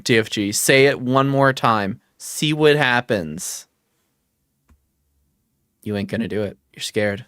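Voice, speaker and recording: A man's voice: mid-range voice, fairly bright tone, no room sound, clean studio sound. A man hosting a livestream, chatting casually, joking and teasing, and reading chat messages aloud. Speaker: livestream host.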